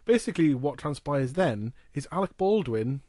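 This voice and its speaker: A man's voice: on the high side, sing-song, moderate pace, mellow, no echo, clean studio sound. Wry rambling man recapping a film. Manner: rambling, wry recapping of the plot with frequent restarts. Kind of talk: casual chat.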